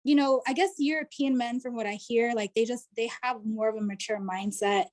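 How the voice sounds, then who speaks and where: A woman's voice: a little high, fairly even intonation, brisk, darkish tone. A woman guest telling a personal story on a video call, chatty and full of fillers. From United States. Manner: chatty, full of "like" and "you know". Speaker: interview guest.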